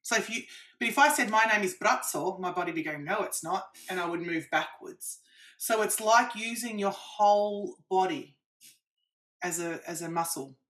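In a lowish voice and at a moderate pace, a woman practitioner being interviewed explains her methods with animation, backing them up with examples.

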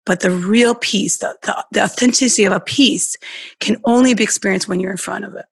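A woman who runs an art podcast, a guest in an interview, explaining in an earnest way and now and then dropping into soft, breathy words. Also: mid-range voice, a little fast, no room sound. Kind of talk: conversational interview.

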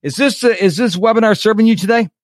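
A man hosting a live webinar as a coach, chatty and lively, acting out quotes and checking in with his listeners. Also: high-pitched, fast, dry recording, studio quality. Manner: chatty, animated, acts out quotes and checks in with "okay?".

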